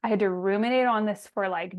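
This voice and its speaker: A woman podcast host telling a personal story in an emphatic, animated way over a video call. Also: medium pitch, fast. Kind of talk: casual storytelling.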